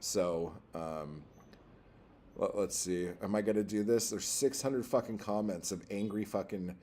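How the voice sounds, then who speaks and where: A man hosting a poetry livestream, ranting in a profane, exasperated way, jumping from loud outbursts to low muttering. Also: unhurried.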